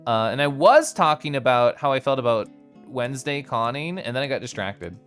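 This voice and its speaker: A man from Kansas, live-streaming in casual chat as he reads and answers his chat, playful and quick to laugh. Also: clear, resonant tone, faint music behind. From Kansas, United States. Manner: animated and playful, swings his pitch, laughs often.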